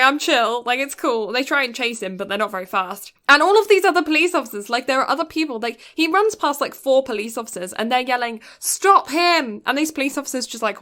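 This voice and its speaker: A woman's voice: mid-range voice, pushed and bright. A woman podcast co-host, retelling a film's plot in casual chat and acting out the characters' lines.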